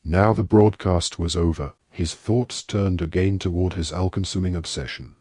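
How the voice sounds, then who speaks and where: A man narrating an audiobook in a steady, even reading voice. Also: low-pitched, moderate pace, few pauses, husky, no room sound, studio quality. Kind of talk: scripted narration.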